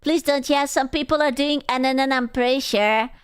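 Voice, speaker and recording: A woman's voice: high-pitched, fairly even intonation, normal speed, no echo, clean studio sound. A young adult woman streaming live, chatting casually with viewers in crude, teasing banter and bursts of playful squealing.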